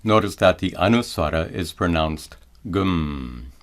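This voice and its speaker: A man teaching Vedic pronunciation in a measured, scripted lesson, chanting his examples slowly and drawn out. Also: low voice, expressive. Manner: slow and deliberate, chants examples in drawn-out tones.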